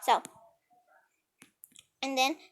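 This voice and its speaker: A woman telling a rambling story in a casual storytime style, with frequent restarts and acted-out dialogue. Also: drawn-out words.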